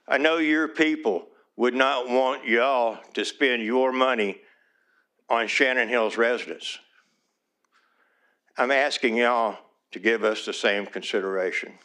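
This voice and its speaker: At a city council meeting, a small-town mayor gives public comment in an earnest, pleading way, his voice turning emotional as he repeats his requests. He has a mid-range voice with a bright, forceful tone.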